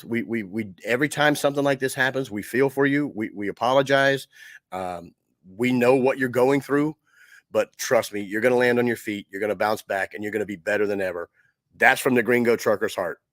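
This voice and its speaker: A man hosting a trucking show in an easy, conversational way that slides into a salesman's pitch. His voice sits at a middle pitch, and he often restarts his sentences. The sound is dry and close, with no echo. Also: fairly bright tone. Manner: chatty and salesman-like, with frequent restarts. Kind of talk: casual commentary with a live ad read.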